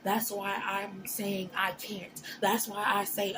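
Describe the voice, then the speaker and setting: A woman's voice: mid-range voice, little pitch movement, takes it slowly. A woman giving a casual motivational talk to camera, blunt and emphatic, with frequent cursing. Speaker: motivational vlogger. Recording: noisy background.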